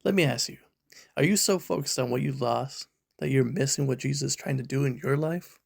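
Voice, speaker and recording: A man's voice: medium pitch, fairly quick, gravelly. A man preaching a sermon, emphatic and full of rhetorical questions aimed at his listeners.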